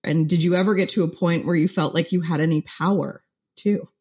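A woman's voice: lowish voice, fairly even intonation, brisk, darkish tone, husky. A woman hosting an interview and asking a guest thoughtful questions. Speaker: podcast host.

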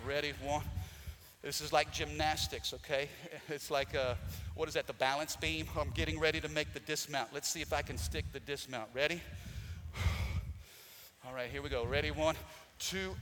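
Man, pastor, high bright voice, call-and-response sermon, big reverberant hall. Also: steady tone, brisk, background noise. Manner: call-and-response preaching, rising to emphatic peaks. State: out of breath. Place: church sanctuary.

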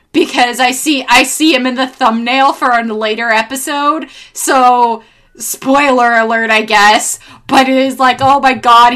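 High bright exasperated woman. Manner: exasperated, swearing, acts out quotes. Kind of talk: casual chat recapping an anime.

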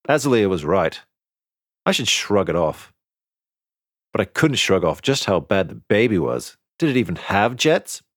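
Brief: male audiobook narrator, deep voice, dry close recording, steady first-person telling. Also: no echo.

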